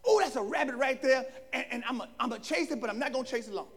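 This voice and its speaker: A preacher man with a very high, gravelly voice delivers his sermon with emphatic bursts of shouting. His pitch swings widely, and the long reverb of a hall rings behind him. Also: lively intonation, fast.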